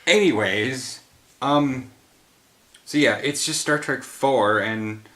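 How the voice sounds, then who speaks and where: A man's voice: medium pitch, slow pace, bright, forceful tone. A tired man after a run, hosting a casual chat about films and rambling, often trailing off mid-thought. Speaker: host. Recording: roomy echo.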